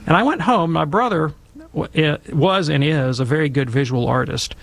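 A man talking casually and emphatically, telling stories and giving commentary in an animated, conversational way. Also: medium pitch, brisk, creaky.

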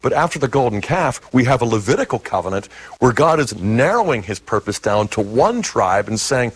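A man with a husky, slightly breathy voice explains scripture with lively swings in pitch. He teaches emphatically, building and stressing his points as a guest on a talk program. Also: fairly quick. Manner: animated, emphatic teaching delivery. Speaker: biblical scholar guest.

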